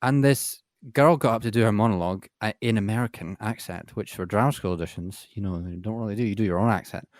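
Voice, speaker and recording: Low-voiced man telling a story. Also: quick pace, hardly any pauses, dry recording, clean studio sound. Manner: animated storyteller who acts out quoted voices. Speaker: podcast co-host. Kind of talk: casual film chat.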